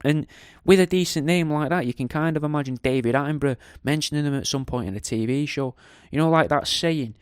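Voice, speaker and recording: A man's voice: on the high side, brisk, clean tone, no room sound, studio quality. A man hosting a podcast, talking casually in a rambling, jokey, sweary way. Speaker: podcast host. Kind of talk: casual monologue.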